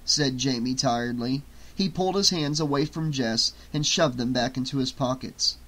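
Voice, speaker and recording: A man narrating an audiobook in a steady storytelling read. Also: medium pitch, moderate pace, few pauses. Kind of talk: scripted narration.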